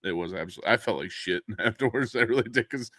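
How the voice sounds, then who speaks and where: A man's voice: on the low side, fast, no echo, clean studio sound. A man hosting a casual podcast. He jokes around, laughs often and swears freely. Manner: loud bursts and laughter inside relaxed talk. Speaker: podcast host.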